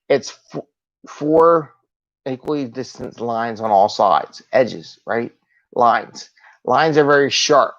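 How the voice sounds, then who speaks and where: With the highs cut off, this recording captures a man's mid-range, slightly bright voice. He's an agile coach running a live solo video talk, upbeat and chatty, posing rhetorical questions to his viewers.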